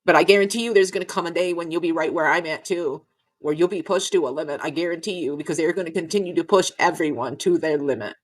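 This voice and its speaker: A woman's voice: on the low side, fast. A middle-aged woman vlogging a frustrated rant, swearing and repeating herself, choked up at times. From Nevada.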